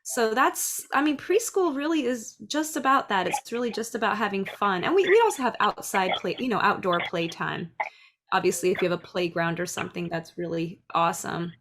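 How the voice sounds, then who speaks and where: A middle-aged woman who teaches dance and preschool, speaking in a chatty, lively way about classroom ideas. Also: medium pitch, a little fast, background noise. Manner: chatty, lively, acts out little voices. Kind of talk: casual talk.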